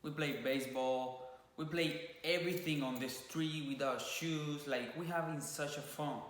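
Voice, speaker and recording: A man's voice: a little high, unhurried. A man in his twenties from Cuba with a Cuban Spanish accent, casually telling his story and slipping into Spanish words. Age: 20s. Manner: relaxed, loose storytelling with Spanish slips. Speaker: vlogger. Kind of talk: casual chat. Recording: very echoey room.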